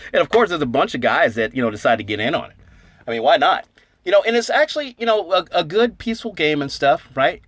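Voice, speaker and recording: A man's voice: on the high side, a bit bright, no room sound. A man hosting a casual vlog, telling a jokey made-up story and laughing as he acts out the dialogue. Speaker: silver stacking channel host.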